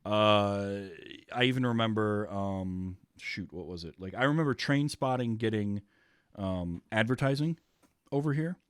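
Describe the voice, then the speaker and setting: American podcast host, lowish voice, dry mic, rambly with lots of ums. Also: male voice, a little slow, smooth, no room sound. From United States. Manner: rambling, many ums, laughs easily. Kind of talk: casual chat.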